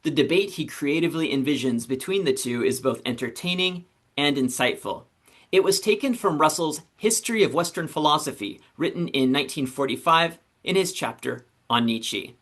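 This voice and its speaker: A man's voice: a little high, animated, moderate pace, fairly bright tone. Man explaining a philosophy text. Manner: conversational explaining, with self-corrections. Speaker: philosophy instructor. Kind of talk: recorded lecture reading.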